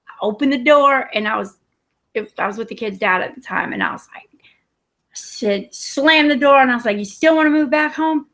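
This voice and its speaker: Rambling, cursing woman with a gravelly voice. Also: mid-range voice, fairly bright tone. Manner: rambling, profane, self-mocking. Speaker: storyteller. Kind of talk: casual storytelling.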